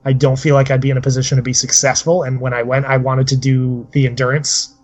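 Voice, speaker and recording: A man's voice: mid-range voice, flat delivery, fast, darkish tone. A man co-hosting a casual podcast, talking steadily and rambling with many fillers. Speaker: podcast co-host. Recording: slightly dull lo-fi audio.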